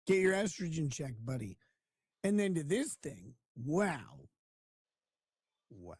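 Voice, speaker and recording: A man's voice: on the high side, sing-song, takes it slowly, pauses often, a little mellow, slightly rough, no echo. A man hosting a live stream, chatting casually with a crude, mocking manner and frequent laughter. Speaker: streamer host.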